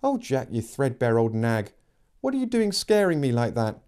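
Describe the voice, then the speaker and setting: A man reading aloud, voicing a frightened eleven-year-old girl in a high, breathless voice. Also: sing-song, normal speed, a little mellow, smooth, natural voice. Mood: startled.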